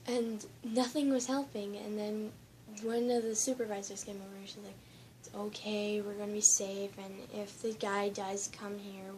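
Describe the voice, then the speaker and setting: A teenage girl shakily retelling a frightening school lockdown in a rambling personal vlog, at times quiet and at times loud. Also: medium pitch, slight background noise, rough recording. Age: teens. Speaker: student.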